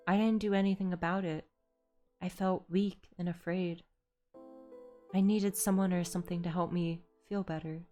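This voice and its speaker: A woman voicing a remorseful young woman who once bullied someone, speaking softly and apologetically. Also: fairly low pitch, natural voice. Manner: soft, hushed and apologetic.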